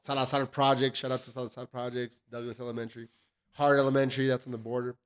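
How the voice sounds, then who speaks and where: A man from El Paso, Texas, hosting a podcast in loud, joking, profane casual chat and laughing often. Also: medium pitch, little pitch movement, fast talker, clean tone. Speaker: podcast host.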